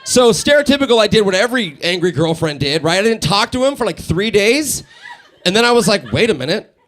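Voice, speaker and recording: Animated high-voiced man doing stand-up. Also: a little fast. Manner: animated storytelling, acts out characters, laughs a lot. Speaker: radio host doing stand-up comedy. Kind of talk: live stand-up comedy set. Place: live studio in front of a small audience.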